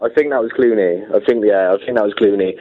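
A man's voice: lowish voice, fast. Man calling in on a tinny phone line. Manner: chatty, hesitant, laughs easily. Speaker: caller. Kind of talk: casual phone-in chat.

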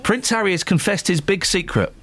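A man presenting breakfast radio, mocking the stories in a lively, sarcastic way. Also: fairly quick. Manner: mocking, animated, swings between deadpan and high exclamations. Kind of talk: breakfast radio chat and news.

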